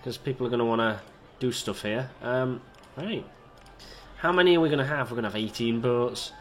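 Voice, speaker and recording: A man's voice: mid-range voice, fairly quick, fairly bright tone, slight background noise. A man giving casual, rambling, self-mocking commentary as he plays a park-building video game and talks to its little characters. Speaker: video game let's-player.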